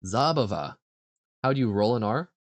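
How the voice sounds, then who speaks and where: Animated man sounding out words. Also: lowish voice. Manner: sounds out foreign words slowly, guessing aloud and laughing at himself. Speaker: streamer. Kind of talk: casual live-stream chat while playing a vocabulary quiz.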